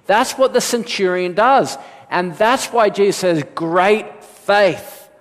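High-voiced preaching man in a reverberant hall. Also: measured pace. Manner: animated preaching, acting out quoted voices with big pitch jumps. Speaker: pastor. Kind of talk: sermon.

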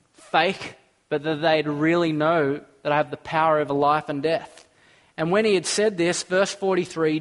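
A man preaching a sermon, earnest, asking the listeners questions and reading scripture aloud. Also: a little high.

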